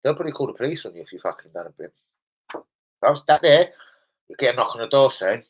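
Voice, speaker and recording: A man with a London accent hosting a casual live stream about his football club. His delivery is loose, slangy and full of swearing, and he drifts between transfer talk and rambling stories. His voice sits at an ordinary middle pitch. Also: big pitch swings, fast talker, pauses often, breathy edge, low-quality recording. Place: indoors at home in a village.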